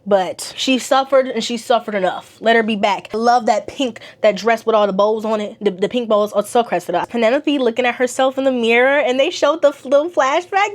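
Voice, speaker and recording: A young woman chatting casually in a slangy, animated way. She laughs often as she talks. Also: fairly high pitch, brisk, hardly any pauses. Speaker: vlogger reviewing a TV series. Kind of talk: casual chat.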